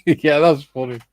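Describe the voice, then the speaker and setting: A man's voice: a little high, slightly rough. A man hosting a casual hobby livestream, reading viewer comments aloud and chuckling often. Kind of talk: casual group chat on a modelling stream.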